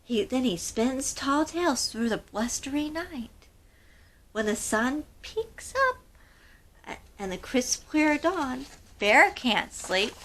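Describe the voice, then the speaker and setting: Animated woman reading to children. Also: fairly high pitch. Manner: expressive, sing-song, asks children questions. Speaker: storytime host.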